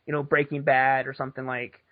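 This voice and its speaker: A man's voice: medium pitch, flat delivery, brisk, dry recording. A man chatting casually on a podcast, rambling and swearing, with frequent laughs. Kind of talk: casual chat. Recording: dull lo-fi podcast audio.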